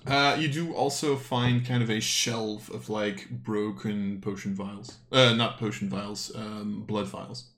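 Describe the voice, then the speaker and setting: A man narrating as game master of a tabletop game, halting and full of fillers. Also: on the low side, fairly even intonation, fairly bright tone.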